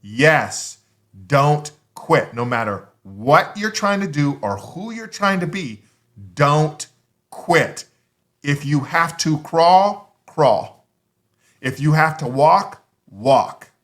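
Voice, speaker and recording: A man giving a motivational talk, emphatic and conversational, with punchy repeated lines and drawn-out pauses. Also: fairly high pitch, very animated, fairly bright tone. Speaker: motivational speaker.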